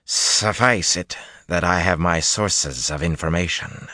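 A man voicing a haughty high-born woman commander who speaks curtly and snaps when angered, in an audiobook reading. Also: unhurried, bright, forceful tone, no room sound, clean studio sound. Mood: furious. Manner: curt, snapping, demanding.

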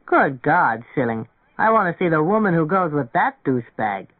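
A man voicing a boisterous, tipsy older composer who banters loudly, in an audiobook reading with a dry, phone-like narrow sound. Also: on the high side, very animated, normal speed, dry recording. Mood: bantering. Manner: bantering, loud.

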